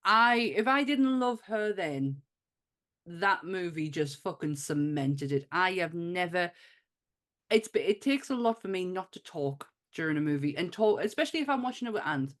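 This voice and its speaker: A woman's voice: lowish voice, expressive, moderate pace, a bit bright. A British woman co-hosting a casual film podcast, enthusiastic and swearing freely. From Britain. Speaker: podcast co-host.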